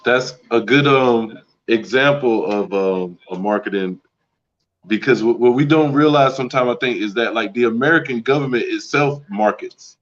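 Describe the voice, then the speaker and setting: A man speaks casually on a podcast, pausing on ums and then rattling off examples quickly. His voice sits in the middle range for a man. The recording sounds dull and lo-fi. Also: mid-range voice. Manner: rapid listing, hesitant with many ums. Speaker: podcast co-host. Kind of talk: casual chat.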